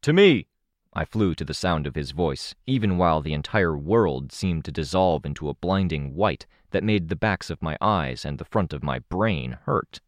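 A man reading a first-person action story aloud in a steady, dramatic storytelling manner. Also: very deep voice, normal speed, few pauses, no echo, studio quality. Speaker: audiobook narrator. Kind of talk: scripted first-person narration.

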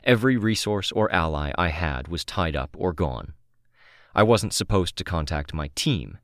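A man narrating a novel in the first person, calm and measured, close to the microphone. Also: deep voice, no echo. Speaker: audiobook narrator.

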